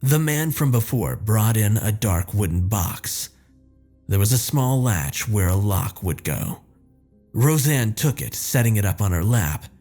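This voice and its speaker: A man narrates a first-person horror story in a slow, deliberate tone. His voice is low and husky, with a lively rise and fall, and soft music plays faintly behind him. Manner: measured, descriptive storytelling.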